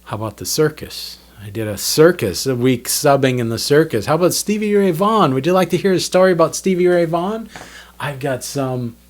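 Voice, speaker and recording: A man in his fifties, a drummer and channel host, telling stories in a rambling, chatty way with frequent restarts. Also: mid-range voice. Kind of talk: casual storytelling monologue.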